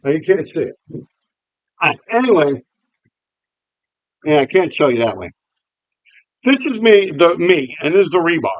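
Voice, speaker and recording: Vlogger, fairly high voice, casual profane storytelling, dry close sound. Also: male voice, normal speed, pauses often, dry recording, low-quality recording. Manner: animated, profane, laughs often.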